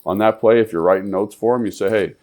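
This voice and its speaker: A man with a very deep voice co-hosts a sports talk show and breaks down football as a former player and coach. He talks emphatically, like a coach instructing players, and often circles back to repeat his point. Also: quick pace, darkish tone. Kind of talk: casual football analysis.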